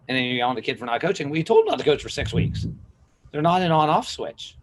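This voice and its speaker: A man's voice: medium pitch, fast talker, slight background noise, low-quality recording. A middle-aged man from the United States, a gym manager and strength coach, talking casually as a podcast guest and acting out quotes with a raised voice. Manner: animated storyteller, acts out quotes with a raised voice. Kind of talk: casual interview talk.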